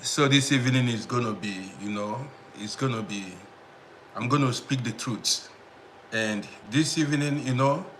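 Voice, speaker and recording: A man's voice: medium pitch, normal speed, a little hiss or hum. A man hosting a casual live stream, greeting viewers by name and repeating himself as he talks to the audience. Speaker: livestream host.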